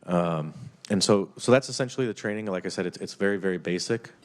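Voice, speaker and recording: A man's voice: deep voice, quick pace, darkish tone. A man presenting an IT security training to a legislative committee, talking with many fillers and restarts.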